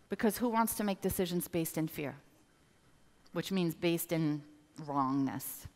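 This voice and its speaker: A woman business coach giving a motivational seminar talk, animated and addressing the audience directly. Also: on the low side. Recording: reverberant hall.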